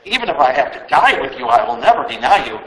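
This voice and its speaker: Guy doing a pushy, loyal disciple, lower and firm, echoey room. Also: very animated, normal speed, fairly bright tone. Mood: insistent. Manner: insistent, emphatic. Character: impulsive, devoted male disciple. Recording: roomy echo.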